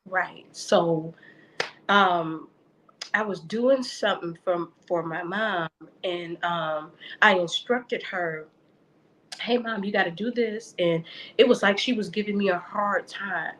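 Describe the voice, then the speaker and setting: A woman's voice: fairly low pitch, takes it slowly, a bit bright, slight background noise, rough recording. Woman guest in a faith chat, earnest, keeps repeating words, kinda tearful. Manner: earnest, repeats words while searching for them. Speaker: podcast guest. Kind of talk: casual faith conversation.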